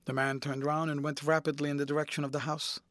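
A man narrating a classic novel in a measured, expressive storytelling manner. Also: a little high, no room sound. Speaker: audiobook narrator.

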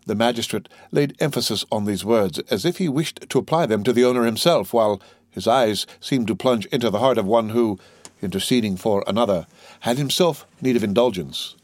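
In a mid-range voice, a man reads a classic novel aloud as an audiobook. His narration is steady and measured, and there's no room sound.

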